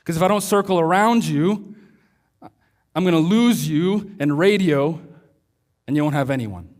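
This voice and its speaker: A man's voice: on the high side, lively intonation, unhurried, darkish tone. A man voicing a helpful male freighter pilot. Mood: reassuring.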